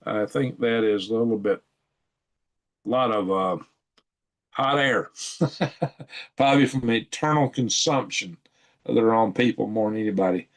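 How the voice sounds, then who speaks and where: A man's voice: fairly low pitch, unhurried, long pauses. A man hosts his channel, reading news articles off a shared screen and commenting in a rambling way, chuckling and thinking aloud as he goes. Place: at home at a computer.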